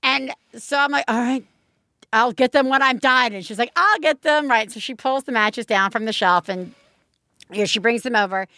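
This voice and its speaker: A woman in her thirties, a podcast co-host, telling a story in casual chat, animated and full of "like". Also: fairly high pitch, normal speed, no room sound, studio quality.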